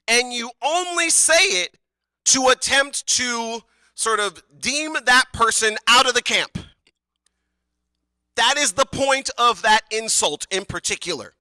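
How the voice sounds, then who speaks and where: A woman's voice: on the high side, sharp tone, dry recording. A woman preaching a sermon in a casual, conversational way, with joking asides and filler words.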